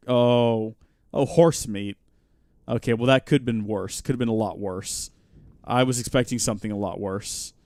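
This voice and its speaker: A man streams a game live, talking in a lively voice that rises and falls a lot. His chatty, jokey commentary sounds dry and close to the mic. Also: mid-range voice, no echo. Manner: chatty, jokey, reacting out loud. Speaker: host.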